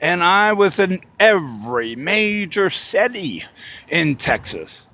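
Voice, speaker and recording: A man's voice: sits high, very animated, takes it slowly, sharp tone. A man giving a casual spoken reflection for his vlog, rambling with many fillers and restarts. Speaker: vlogger.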